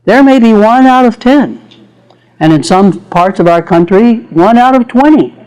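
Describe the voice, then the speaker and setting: An older man gives a psychology lecture as a string of stories, in a voice that sits quite high. His pitch swings widely, and he laughs often and acts out the people he quotes. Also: expressive, measured pace, darkish tone, clean tone, dull audio. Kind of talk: storytelling lecture.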